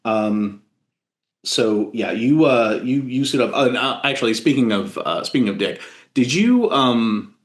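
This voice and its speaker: A man narrating as game master of a tabletop horror game, halting with many fillers and restarts. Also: mid-range voice, lively intonation, reverberant.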